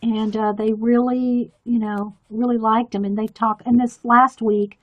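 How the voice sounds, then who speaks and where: A woman's voice: fairly high pitch, little pitch movement, a little slow, dull audio. A woman chatting in a rambling, easygoing way and laughing often while she colors on a live stream. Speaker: artist streaming a coloring demo. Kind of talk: casual chat while drawing.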